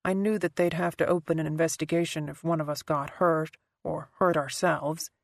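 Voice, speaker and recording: A woman voicing a quiet, guarded man. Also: fairly even intonation, no room sound. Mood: subdued. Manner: soft, halting, low-key delivery. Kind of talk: audiobook character voice.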